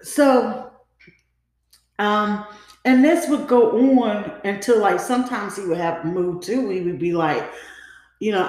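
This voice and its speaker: A woman hosts a podcast and tells her own story in a loose, confiding way. She leans on "you know" and "like" and acts out the lines others said. Her voice sits at a middle pitch and rings in a very echoey room. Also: slow pace, pauses often, a little mellow. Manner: casual, confiding, acts out quoted dialogue; frequent fillers like "you know" and "like". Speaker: podcast host. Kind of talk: personal storytelling.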